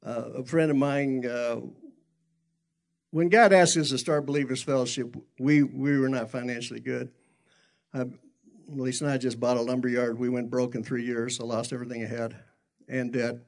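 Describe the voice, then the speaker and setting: Middle-aged male pastor, gravelly voice, folksy self-deprecating sermon storyteller, mid pitch. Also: steady tone, normal speed.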